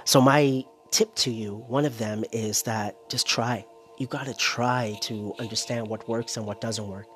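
A man's voice: mid-range voice, fairly even intonation, measured pace, faint music behind. Guy just rambling solo, kinda winded, keeps saying right? you know?. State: a little short of breath. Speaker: content creator. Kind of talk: casual solo monologue.

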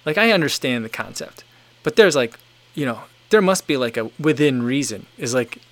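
A man with an ordinary mid-pitched voice hosts a casual livestream. He reads viewer comments aloud and rambles through his replies, full of fillers and restarts as he works out what he thinks. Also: animated, moderate pace, fairly bright tone. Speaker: livestream host reading chat.

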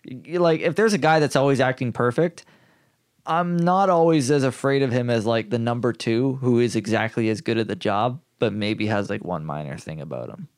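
A man's voice: mid-range voice, a little fast, no room sound. Joking man, dry close sound. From Canada. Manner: joking, leads the topics. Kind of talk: casual podcast chat.

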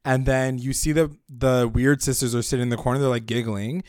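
A man casually recapping a show episode and swearing freely, jumping into loud voices when he quotes the characters. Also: medium pitch, fairly quick, dry recording, clean studio sound. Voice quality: animated, swears freely, acts out lines when retelling. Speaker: podcast co-host recapping a show. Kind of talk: casual chat.

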